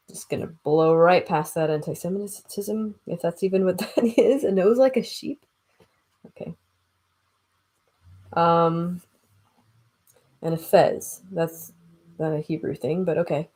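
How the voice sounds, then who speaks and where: A woman's voice: on the low side, measured pace, darkish tone. A woman reading a classic novel aloud and breaking off for casual, chatty asides, stumbling over old words and laughing at herself. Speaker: audiobook reader.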